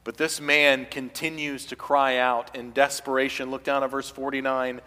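A man preaching a sermon as pastor, building to loud, impassioned passages as he voices pleading figures. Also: medium pitch, flat delivery, normal speed, in a large hall. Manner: preaching with rising intensity, voicing quoted pleas loudly.

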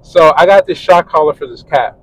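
A man's voice: a little high, brisk, slightly rough, poor audio. A man hosting a casual podcast monologue, telling a story in a rambling, profane way. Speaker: podcast host.

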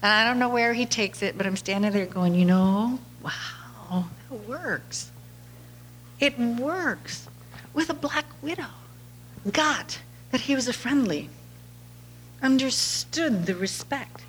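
Telling casual stories on her podcast, a woman speaks slowly in a slightly high, expressive, somewhat bright voice, with a little hiss or hum audible. She's chatty, laughs often, and acts out the quotes.

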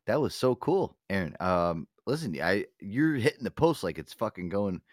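A man's voice: fairly low pitch, sing-song, moderate pace, dry recording, clean studio sound. A man hosting a casual live talk show, joking, swearing and slipping into a mock radio DJ patter. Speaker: host.

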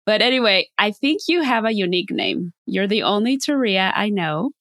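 A woman's voice: medium pitch, expressive, moderate pace, a bit bright, no echo, studio quality. A woman hosting an interview podcast, asking questions in a friendly conversational way. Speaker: podcast host.

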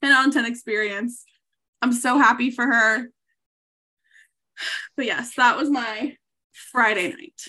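A woman's voice: a little high, takes it slowly, long pauses, sharp tone. A woman co-hosting a podcast, telling a story in casual chat, laughing often and swearing freely. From Savannah, Georgia. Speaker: podcast co-host.

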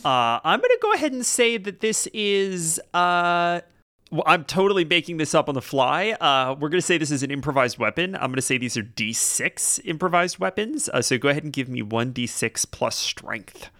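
A man's voice: on the high side, big pitch swings, moderate pace, bright, forceful tone. A man narrating a tabletop role-playing game as game master, casual and improvising with lots of fillers.

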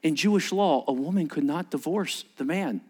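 A male pastor preaching a sermon, acting out dialogue and swinging between loud bursts and hushed near-whispers. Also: fairly high pitch, moderate pace.

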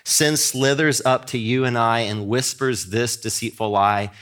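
A man's voice: mid-range voice, steady tone, unhurried, a bit bright, smooth. A man preaching a sermon in an earnest, emphatic way, often restarting his words as he builds a point.

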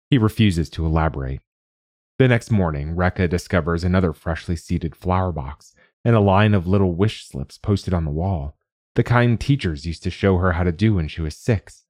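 A man hosting and narrating a short story in a calm, measured way. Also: deep voice, no room sound, studio quality. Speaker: host and narrator.

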